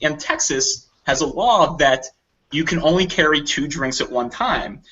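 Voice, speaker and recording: A man casually telling a long funny anecdote on a podcast, acting out what people said. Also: a little slow. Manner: animated storyteller acting out quotes in higher voices. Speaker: volunteer convention staff telling a story. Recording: dull lo-fi audio.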